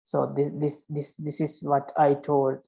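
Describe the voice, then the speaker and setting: A woman's voice: sits low, monotone, unhurried, vocal fry, mellow. A woman teaching verse meter in an online class, patiently repeating key terms, checking in with her students, and sounding out verse syllable by syllable. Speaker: Pali prosody teacher. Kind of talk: online language lesson.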